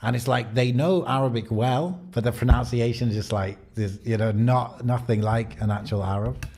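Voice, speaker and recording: A man's voice: mid-range voice, normal speed, darkish tone. A man with a British accent chatting casually on a podcast, rambling and thinking aloud with many fillers. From Britain. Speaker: podcast co-host.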